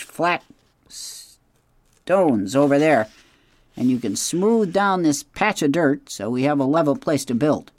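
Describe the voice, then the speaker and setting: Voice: mid-range voice, darkish tone, no room sound, voice pushed up, lightly acted. A reader voicing a busy, fussy male beaver builder who talks in a chatty, bossy way in an audiobook. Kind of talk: audiobook character voice.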